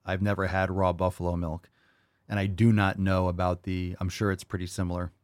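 A man's voice: deep voice, little pitch movement, fairly quick, no room sound. Hyped, profane man hosting a Q&A. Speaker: host. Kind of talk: live Q&A show.

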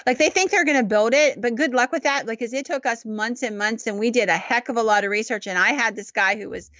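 A woman co-hosting a podcast, chatting casually and telling animated stories about paranormal investigations. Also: quick pace, no room sound, lo-fi sound. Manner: animated, acts out quotes in high voices. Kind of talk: casual chat, storytelling.

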